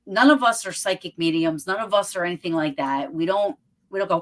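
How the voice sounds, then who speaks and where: A woman with a fairly low voice hosts a relaxed interview. She talks in a chatty, rambling way, full of fillers and restarts. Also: fairly quick. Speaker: podcast host. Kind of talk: casual interview chat.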